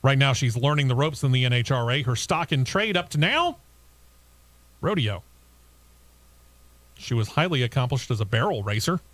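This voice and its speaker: Dry-voiced racing talk show host. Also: male voice, medium pitch, lively intonation, moderate pace, long pauses, fairly bright tone, dry recording. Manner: reads news items then chats and laughs with co-hosts. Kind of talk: radio talk show news segment.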